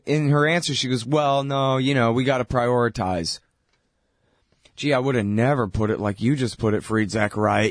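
A man's voice: on the low side, no room sound, studio quality. A man hosting a political talk show, delivering a sarcastic, heated commentary monologue.

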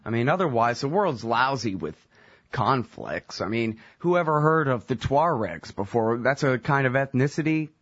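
A man's voice: mid-range voice, expressive, normal speed, fairly bright tone, no echo. A man hosting a radio talk show, blunt and sarcastic, swearing casually as he asks questions. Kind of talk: radio discussion. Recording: dull band-limited radio audio.

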